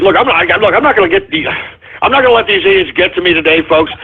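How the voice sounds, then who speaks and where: A hot-tempered male radio host with a high, husky voice rants and swears as he reads through listener shout-outs. His outbursts break into shouting. The sound is thin and tinny, like a phone line. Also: fairly quick. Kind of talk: live internet radio talk, reading shout-outs.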